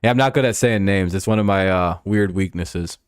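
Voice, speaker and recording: A man hosting a live stream, giving casual play-by-play and rambling, swearing chat between pitches. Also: fairly quick, clear, resonant tone, no echo, clean studio sound. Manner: rambling and profane, with frequent fillers.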